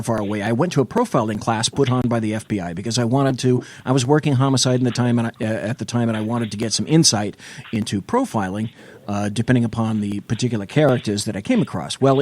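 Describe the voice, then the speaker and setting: A man's voice: medium pitch, animated, fast. A man hosting a late-night call-in talk show, joking and bantering with salty asides.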